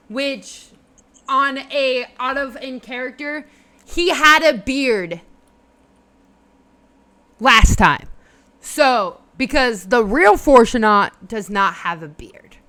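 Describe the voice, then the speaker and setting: Slow-talking woman game master. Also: sits high, lively intonation, sharp tone. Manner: rambling, with many fillers and laughs. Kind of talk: narrating a tabletop game on a stream.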